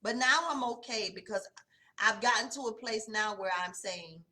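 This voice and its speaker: A woman, telling a personal testimony in a casual, conversational way. Her voice drops low and soft in the emotional stretches. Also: normal speed, slight background noise. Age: 40s. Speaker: host of a morning devotional.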